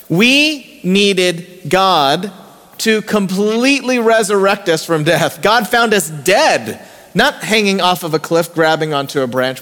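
Male pastor, light high voice, chatty sermon delivery with rhetorical questions, long church-hall echo. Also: a bit bright. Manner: conversational, asks the congregation rhetorical questions. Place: church sanctuary.

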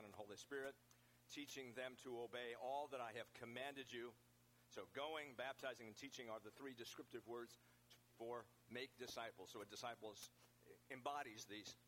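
A man preaching a sermon in a relaxed, conversational way, often restarting his phrases. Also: medium pitch, a little hiss or hum, low-quality recording. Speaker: pastor.

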